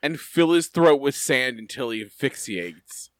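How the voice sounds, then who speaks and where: A man's voice: medium pitch, animated, a little slow, a bit bright, no echo, clean studio sound. A man co-hosting a podcast in casual chat, sarcastic and exasperated, swearing as he jokes. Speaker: podcast co-host.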